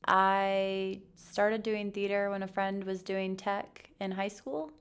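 Soft-spoken woman with a gravelly edge. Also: medium pitch, slow. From Missouri. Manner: soft, polite, relaxed storytelling. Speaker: podcast guest, math teacher. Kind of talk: casual interview.

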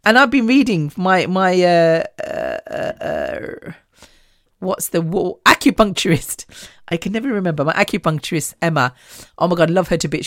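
A woman's voice: on the low side, no echo, clean studio sound. A woman hosting her own podcast, talking candidly and chattily, swearing freely and restarting often. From Indian heritage. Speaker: podcast host. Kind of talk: casual solo podcast chat.

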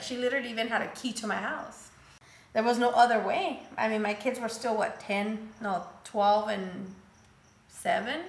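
In casual talk, a woman tells a personal story, switching between English and Spanish mid-sentence, acting out others' voices, and growing emotional. Her voice is on the high side and creaky, with a roomy sound.

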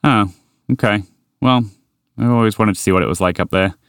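A man voicing a small, eager male park dweller who is bold, excitable and bewildered. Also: a little high, a little slow, no echo, clean studio sound, pitched above the performer's own voice. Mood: puzzled.

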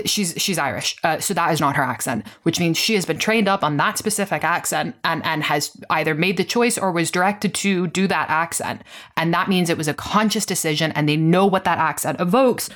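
Low-voiced woman, passionate analysis. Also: moderate pace. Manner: passionate, analytical, restarts often. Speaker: podcast co-host. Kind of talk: casual chat.

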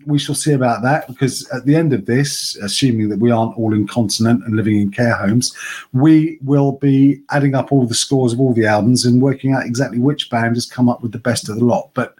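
A man's voice: medium pitch, darkish tone. A man hosting a music podcast, chatting casually and joking with a bit of swearing. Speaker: podcast host.

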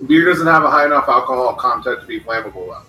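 A man's voice: mid-range voice, quick pace, sharp tone, low-quality recording. A young adult man playing in a tabletop game, blunt and joking, swearing casually in and out of character. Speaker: player. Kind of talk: tabletop role-play, in and out of character.

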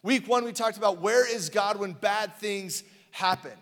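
A man's voice: high voice, normal speed, fairly bright tone. A man in his thirties preaching a sermon as pastor, in a loose, joking storytelling way with plenty of fillers, recorded in a church hall. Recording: long hall reverb.

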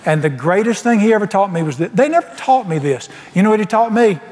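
A man's voice: high-pitched, very animated, quick pace, darkish tone, in a large hall. A man preaching a sermon, telling his story in a folksy way and acting out the dialogue.

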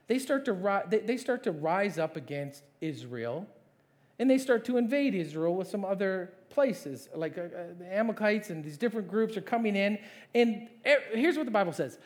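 A pastor with a high voice preaches a sermon in a conversational, animated way. He puts questions to the congregation and acts out biblical characters, voicing both Moses and God.

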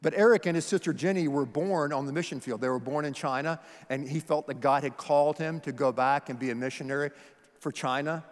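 A high-voiced male pastor preaching with emphasis, pressing the listeners with question after question. His voice carries through a reverberant church hall with a long tail. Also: fairly even intonation, a little fast. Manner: emphatic, conversational, asks many questions. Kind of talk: sermon.

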